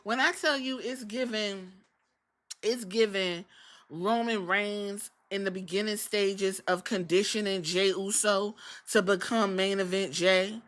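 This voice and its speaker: A woman hosting a podcast, recapping wrestling in animated, profane storytelling. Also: medium pitch. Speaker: podcast host.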